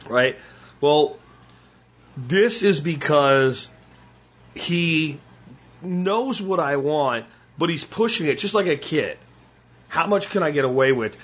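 Blunt husky-voiced man, lo-fi. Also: medium pitch, fairly bright tone. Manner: blunt, folksy, acts out his dog's thoughts. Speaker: podcast host. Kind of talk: casual monologue. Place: at home with his dog beside him.

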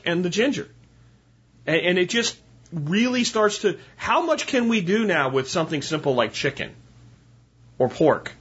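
Male podcast host, husky, mid-pitched, casual how-to talk, muffled lo-fi sound. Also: fairly bright tone. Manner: chatty, instructional, with frequent "right?" asides.

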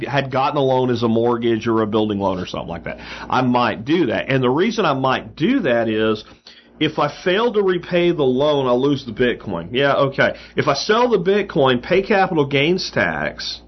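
A man's voice: mid-range voice, muffled recording. A man hosting a show, casually answering listener mail with frequent fillers and emphatic asides. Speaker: podcast host.

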